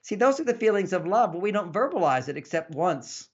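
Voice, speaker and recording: A man, a relationship author, explaining in an interview in an animated way and acting out couples' dialogue. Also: high voice, a little fast, breathy edge. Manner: animated, acts out couples' dialogue in varied voices. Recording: dull lo-fi sound.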